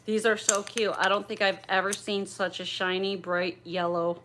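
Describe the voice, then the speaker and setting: A woman's voice: mid-range voice, little pitch movement, normal speed, background noise. A middle-aged woman chatting on a livestream as she opens gifts, gushing, bubbly and a little raunchy. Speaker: livestream host opening gifts.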